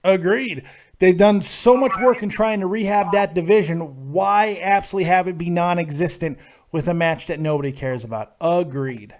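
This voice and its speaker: Here a high-voiced man speaking at normal speed hosts a wrestling call-in program from Nevada, USA. He tears into the matches with crude, sarcastic, profane rants.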